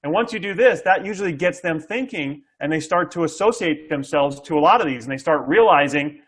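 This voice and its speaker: A man's voice: fairly high pitch, lively intonation, fairly quick, fairly bright tone, husky. A middle-aged man, a sales coach, explaining sales tactics to an interviewer with energy, acting out buyer dialogue and often checking in with "okay?". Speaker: SaaS sales coach, guest.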